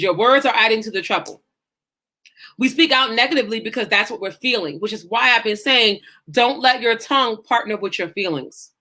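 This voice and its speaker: A woman's voice: a little high, sharp tone. A woman life coach teaching her group with passion and emphasis, in a preacherly way, with speech. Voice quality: emphatic, preacherly, acts out self-talk in quotes. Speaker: faith-based life coach.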